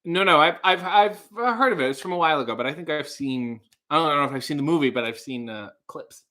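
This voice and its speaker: A man's voice: fairly high pitch, expressive, fairly quick, bright, forceful tone. A man playing a nervous, overly polite restaurant waiter in an improvised comedy sketch, stammering and laughing awkwardly. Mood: flustered.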